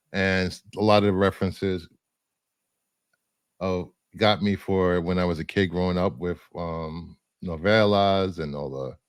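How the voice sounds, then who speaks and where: A man's voice: low voice, clean tone, no echo. A man co-hosting a casual chat, rambling through his film picks with fillers and the odd laugh. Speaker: co-host presenting film picks.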